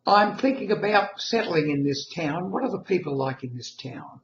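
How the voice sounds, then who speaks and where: A man voicing a grumbling male driver who complains loudly, in a higher, raised voice. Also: lively intonation, moderate pace, roomy sound, dull audio, a little hiss or hum, natural voice. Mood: complaining. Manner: loud, high and complaining.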